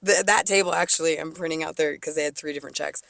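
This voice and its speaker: A woman's voice: low-pitched, quick pace, creaky, no room sound, studio quality. A woman co-hosting a casual podcast, telling a work story with lots of swearing and acting out what coworkers said. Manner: animated storytelling, swears a lot, acts out coworkers' lines. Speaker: podcast co-host, restaurant server.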